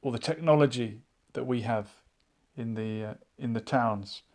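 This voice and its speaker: A man hosting a live online chat show, musing out loud and reading viewers' comments aloud in a casual, thinking-aloud way. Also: medium pitch, a little slow. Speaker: livestream chat host.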